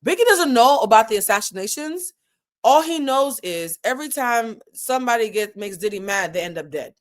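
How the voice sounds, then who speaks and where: A woman's voice: a little high, lively intonation, moderate pace. A woman hosting a casual commentary vlog, talking animatedly and with lots of profanity, addressing her viewers directly. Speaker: host.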